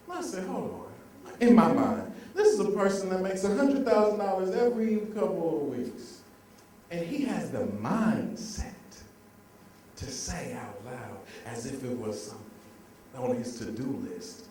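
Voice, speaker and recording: A man's voice: high voice, normal speed, far from the mic. A young man giving a motivational speech, calling out to the crowd for responses. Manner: lively, call-and-response with the audience. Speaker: motivational speaker. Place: large room with an audience. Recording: very echoey hall, heard from afar.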